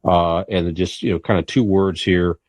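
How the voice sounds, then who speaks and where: A man's voice: sits low, steady tone, normal speed, darkish tone. A man co-hosting a podcast in casual chat, enthusiastic and rambling with restarts. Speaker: podcast co-host.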